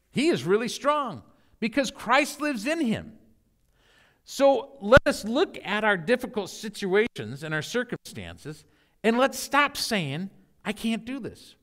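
A middle-aged man giving an encouraging sermon as a guest speaker, animated, with playful mock-enthusiastic asides. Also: high-pitched.

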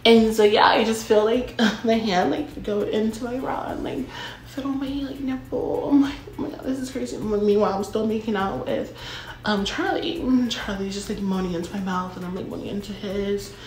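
A woman's voice: medium pitch, steady tone, moderate pace, darkish tone. Chatty young woman in a roomy space. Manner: chatty, heavy filler words, dramatic asides. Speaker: vlogger telling a story. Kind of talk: casual storytime monologue. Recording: roomy echo.

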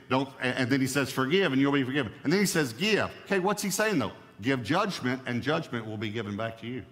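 A man's voice: medium pitch, fairly bright tone, big-room sound. A male pastor preaching a sermon, stressing key points by repeating them.

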